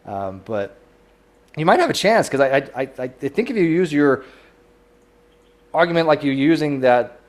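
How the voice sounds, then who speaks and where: A man of middle pitch who talks fast and swings his voice up and down a lot. He rambles in a casual group chat and often repeats words. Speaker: podcast co-host.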